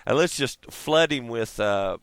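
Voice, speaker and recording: A man's voice: mid-range voice, animated, measured pace, fairly bright tone, clean tone, no room sound. A man ranting casually to his viewers, profane and rambling, laughing often. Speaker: vlogger. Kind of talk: casual rant to camera.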